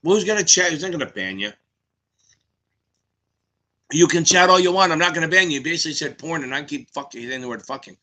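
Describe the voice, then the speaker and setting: A man in his fifties hosting a live exam Q&A stream, talking fast, cursing and rambling. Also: a little high, expressive, pushed and bright. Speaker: exam tutor, stream host.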